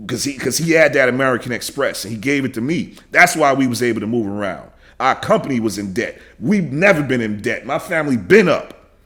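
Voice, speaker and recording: A man in his thirties hosting a reaction video, ranting angrily and profanely, repeating himself and shouting in bursts. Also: medium pitch, animated, brisk.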